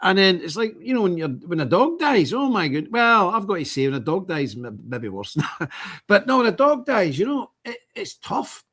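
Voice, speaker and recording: A man's voice: high-pitched, moderate pace. A middle-aged man with an Irish accent hosting a casual, rambling monologue and acting out bits of dialogue. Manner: rambling, animated, acts out quoted dialogue. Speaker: host of a church channel's update stream.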